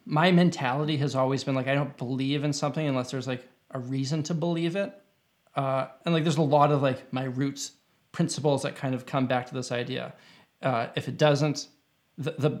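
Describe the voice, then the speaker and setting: A young man in casual conversation, telling a long anecdote with lots of fillers and restarts. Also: medium pitch. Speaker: podcast guest.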